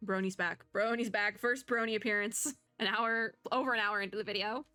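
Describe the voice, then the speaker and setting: A young woman streaming a game, thinking out loud in a chatty way and reading the dialogue aloud. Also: mid-range voice, steady tone, fairly quick, dry recording, soft background music. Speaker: VTuber gamer. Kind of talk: casual gameplay commentary.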